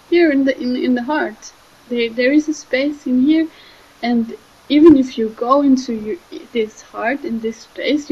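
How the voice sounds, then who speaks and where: A young woman, giving a gentle, halting spiritual talk that often trails off softly. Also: fairly high pitch, breathy edge, highs cut off. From Switzerland. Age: 20s. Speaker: spiritual speaker.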